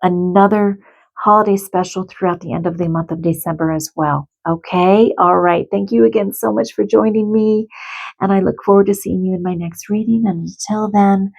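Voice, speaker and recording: Gentle husky-voiced woman reading cards. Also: medium pitch, fairly even intonation, normal speed, low-quality recording. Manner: gentle, emotional, addresses viewers directly. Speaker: animal communicator and card reader. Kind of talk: spiritual card reading.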